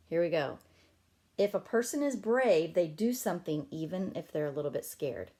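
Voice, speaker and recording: A woman teacher reading a picture book aloud to young children, gently stretching out words for them to guess. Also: low-pitched. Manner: gentle, encouraging classroom tone.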